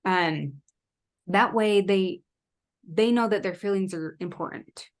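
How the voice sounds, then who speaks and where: A woman who is a guest on a podcast, speaking reflectively in casual conversation, pausing to think with "um". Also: fairly low pitch. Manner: reflective, thoughtful, with fillers. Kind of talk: casual interview chat.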